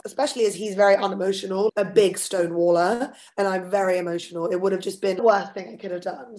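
Chatty, expressive woman podcast co-host. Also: medium pitch. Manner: chatty, expressive, personal storytelling. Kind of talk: casual podcast chat.

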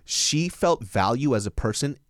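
A man's voice: a little slow, no room sound, clean studio sound. A man in his twenties, a podcast host and stand-up comic, telling a profane, laughing story in casual chat. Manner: animated, profane, laughing storyteller who jumps high in pitch for quoted voices.

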